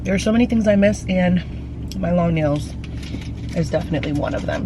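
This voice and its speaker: A woman's voice: fairly low pitch, fairly quick, pauses often, background noise. A pregnant woman in her thirties, talking candidly to viewers in a slangy, chatty vlog, filmed on a handheld camera in her car and at home. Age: 30s. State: heavily pregnant. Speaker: vlogger.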